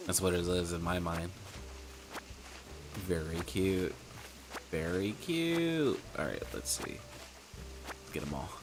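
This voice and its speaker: A man chatting casually while playing a game, rambling with self-mocking jokes and asides. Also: sits low. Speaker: gaming streamer.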